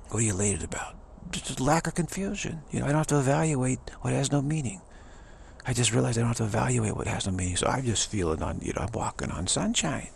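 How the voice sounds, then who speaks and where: A middle-aged man with a strongly gravelly, fry-laden voice talks through a rambling, upbeat pep talk. He repeats his points with eager enthusiasm. A faint hiss of noise sits under the recording. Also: medium pitch. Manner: enthusiastic, repetitive, chuckling often. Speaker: speaker giving a pep talk. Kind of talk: rambling motivational monologue.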